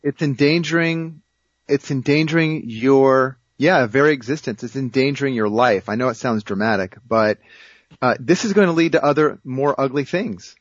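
A man from the United States talking as a guest in an interview, in a mid-pitched voice. He speaks emphatically and insistently. The sound is dry and muffled, like lo-fi audio. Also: moderate pace, no echo. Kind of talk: talk show interview.

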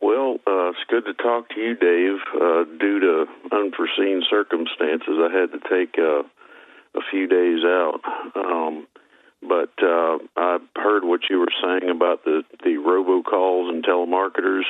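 Male caller, halting and hesitant, very deep voice, phone-line sound. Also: fairly even intonation, no room sound. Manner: halting, many fillers and restarts. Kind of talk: phoning in to a talk show.

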